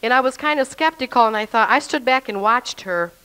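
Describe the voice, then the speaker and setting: A woman's voice: fairly high pitch, fairly quick, sharp tone, clean tone, rough recording. A woman telling her personal faith testimony in an earnest, emotional way, speaking straight to the listener.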